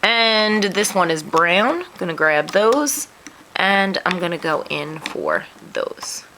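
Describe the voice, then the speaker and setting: Woman, craft tutorial host, chatty, sniffling, gravelly lowish voice, faint hiss behind. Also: very animated, slow pace. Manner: chatty, self-deprecating, talks through her hands-on work. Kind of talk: step-by-step loom tutorial.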